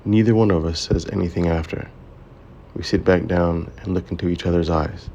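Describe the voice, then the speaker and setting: A man reading a romance story aloud as its narrator, in a steady, measured way. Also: deep voice, creaky, muffled recording, a little hiss or hum. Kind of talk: scripted audiobook narration.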